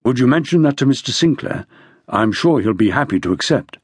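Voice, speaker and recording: A man voicing a brisk, curt male detective inspector who speaks in clipped, impatient sentences. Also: mid-range voice, animated, slightly rough, dry recording, pitched below the performer's own voice.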